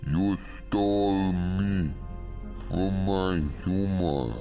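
A man's voice: low voice, very slow, faint music behind, pitched above the performer's own voice, full character voice. A man doing a cursed, menacing Mario. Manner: soft menacing whisper-like delivery. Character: cursed creepy male video game plumber.

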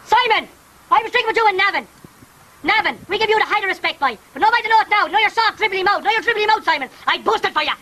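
Irish guy ranting out a fight challenge, super high squeaky voice, bright and sharp, taunting. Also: expressive, quick pace, low-quality recording. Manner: taunting, aggressive, insulting. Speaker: bare-knuckle fight challenger. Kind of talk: recorded challenge message.

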